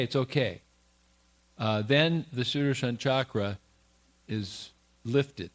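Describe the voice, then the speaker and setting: A man giving a morning scripture class at a temple, retelling a sacred story loosely with many pauses, fillers and restarts. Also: medium pitch. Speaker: class speaker. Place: temple hall.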